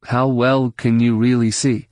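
A man's voice: mid-range voice, level tone, a little slow, darkish tone, dry recording, studio quality, natural voice. A man voicing an earnest, cautious young man in an audiobook.

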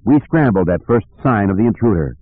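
A man's voice: on the low side, animated, brisk, dry recording. A man voicing a cool, level-toned woman warrior reporting in. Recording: dry tinny phone-like audio.

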